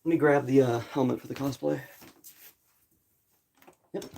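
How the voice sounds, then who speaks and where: A man's voice: medium pitch, fairly even intonation, moderate pace, creaky, dark tone. A young man chatting casually to viewers on a live stream, rambling and apologetic, with a groggy morning voice. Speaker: livestreamer. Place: home in a rural area.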